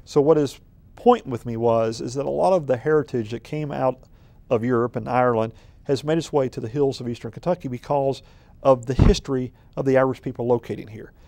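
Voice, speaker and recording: A man serving as city manager talks through an interview in a relaxed, folksy way. His voice is mellow and warm, with plenty of ums, uhs and restarts as he rambles through his stories. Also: medium pitch, a little fast, no room sound. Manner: rambling, filler-heavy, folksy storytelling. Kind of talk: conversational interview.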